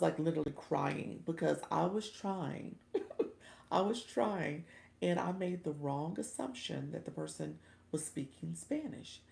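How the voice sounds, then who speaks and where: A woman's voice: lowish voice, vocal fry, darkish tone, reverberant. A middle-aged woman from Florida, hosting a casual livestream from home, chatty and often laughing as she talks to her viewers. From Orlando, Florida. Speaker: livestream host and coach.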